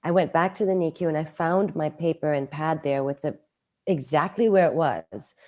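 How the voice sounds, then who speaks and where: A middle-aged woman telling a personal story in a casual interview, animated and acting out quoted lines. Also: moderate pace. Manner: animated, acts out quoted lines with raised pitch. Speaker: guest.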